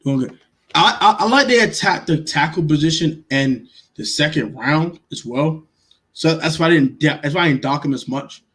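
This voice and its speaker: A man hosts a casual livestream grading draft picks, talking emphatically, repeating himself, and swearing freely while reacting to viewers by name. His voice is a little high and a bit bright with a breathy edge, at normal speed.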